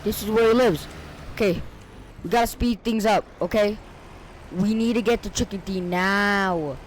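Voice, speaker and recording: Frantic, shouting young male gamer. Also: high-pitched, moderate pace, slight background noise. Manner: excitable, frantic, shouting out bursts; slangy, talks to himself. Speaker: gaming video creator. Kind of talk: playing and commenting on a video game.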